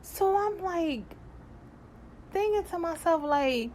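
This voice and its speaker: Slow-talking animated storytelling woman. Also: very high-pitched, slight background noise. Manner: animated, gets loud and exasperated retelling events. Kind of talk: casual storytime.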